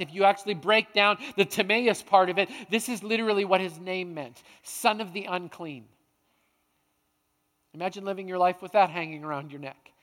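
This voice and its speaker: A male pastor preaching a sermon, dramatic, swinging between hushed and loud. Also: sits high. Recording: long hall reverb.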